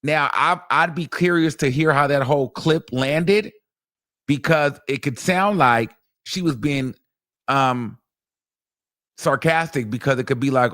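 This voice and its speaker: A man with a slightly high voice speaks a little slowly while hosting a casual commentary stream. He's loose, gossipy and profane, full of filler words, and his pitch swings up and down as he acts out what other people said.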